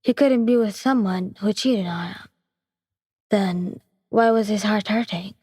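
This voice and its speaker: A woman narrating a scripted story in a steady, plain reading manner. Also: medium pitch, unhurried, studio quality. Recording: breathy voice with long reverb.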